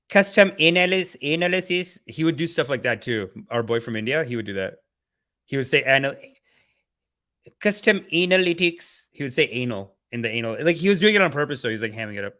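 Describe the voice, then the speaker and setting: A man's voice: medium pitch, a bit bright. A young man hosting a livestream, chatting casually and rambling playfully while talking to his viewers. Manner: rambling, playful, talks to chat. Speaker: livestream host.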